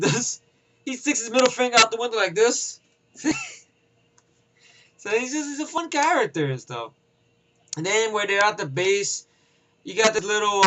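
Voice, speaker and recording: Bright, high-voiced man ranting casually. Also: slight background noise, low-quality recording. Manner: profane, rambling, acts out scenes with voices. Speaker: movie reviewer. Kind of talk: casual rambling film review.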